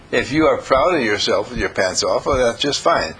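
A man's voice: mid-range voice, expressive, normal speed, hardly any pauses, a bit bright, husky, poor audio. An older man giving a folksy, informal motivational talk to a group, homespun in manner and slipping into playful quoted voices. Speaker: group teacher.

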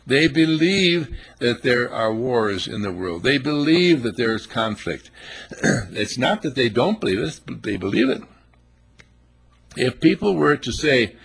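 Husky-voiced man preaching. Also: mid-range voice, big pitch swings, a little slow. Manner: emphatic, rhetorical questions, acts out little scenes. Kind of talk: sermon.

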